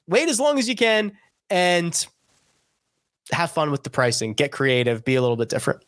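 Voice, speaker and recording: A man's voice: on the high side, fairly bright tone, dry recording, clean studio sound. A man hosting a podcast, reading listener jokes in a playful, punny way. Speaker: podcast host. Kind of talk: casual podcast chat.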